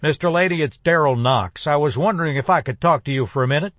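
A man's voice: on the high side, a bit bright, no room sound, pitched above the performer's own voice, close to an everyday voice. A man doing a nervous, deferential police chief. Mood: nervous hesitant. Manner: hesitant, halting.

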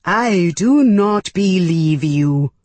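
A woman voicing a cold, distrustful alien creature with a growling, slow and measured menacing delivery. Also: lowish voice, expressive, a little mellow, dry recording, heavily acted.

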